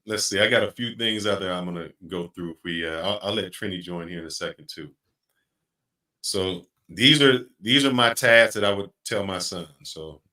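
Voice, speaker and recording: A middle-aged man hosting a podcast, speaking in an earnest, reflective way and slowing down to stress his points. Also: low-pitched, sharp tone. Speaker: podcast host. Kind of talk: casual podcast chat.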